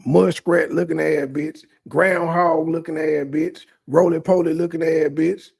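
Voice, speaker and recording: A man delivers reaction commentary in a blunt, mocking, insulting manner. His voice sits high and carries a gravelly fry. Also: steady tone, unhurried, darkish tone. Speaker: commentary host.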